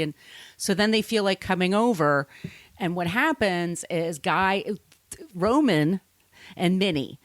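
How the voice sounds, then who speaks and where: Podcast co-host, woman, lower register, conversational plot recap, dry close mic. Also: takes it slowly, pauses often, dry recording. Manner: retelling a plot with quoted character voices. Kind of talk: casual chat.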